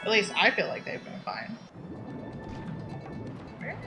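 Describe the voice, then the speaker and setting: A woman streaming a video game, chatting casually and reacting loudly, sometimes swearing at the game. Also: medium pitch, sing-song, slow pace. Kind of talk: casual chat while gaming. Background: game music.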